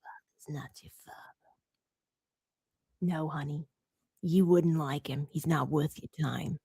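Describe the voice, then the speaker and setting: A blunt, flippant middle-aged psychic medium, whispered by a woman doing a put-on voice speaks with a Caribbean accent. The voice is low and hushed, deadpan and dismissive, in a whispered role-play. Her delivery drops well below the speaker's normal pitch. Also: a little slow, gravelly, breathy edge, dry recording, clean studio sound, full character voice.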